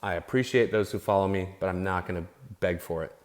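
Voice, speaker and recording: A man's voice: low-pitched, fast. A man ranting unscripted to his followers, heated and profane, repeating himself and restarting his phrases as he gets worked up. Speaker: vlogger. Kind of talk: unscripted angry rant to camera.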